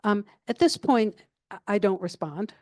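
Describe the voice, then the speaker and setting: An older retired woman, a guest speaker answering audience questions in a calm, level, chatty way with many fillers. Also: medium pitch, normal speed, dry recording, studio quality. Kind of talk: casual Q&A answers.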